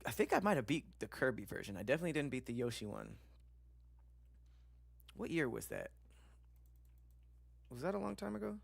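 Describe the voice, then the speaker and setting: A male streamer talking in a loose, casual way, full of slang and the odd curse. His pitch swings widely as he reacts. The sound is dry and close, with no room around it. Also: fairly quick, gravelly, long pauses, no room sound. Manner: loose and animated, casual slang, swearing and laughing. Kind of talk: casual livestream chat, reacting to videos and reading comments.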